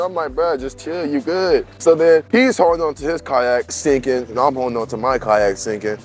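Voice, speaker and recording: A man's voice: mid-range voice, moderate pace, few pauses, soft background music. A young man telling a story in casual, slangy chat and laughing as he goes.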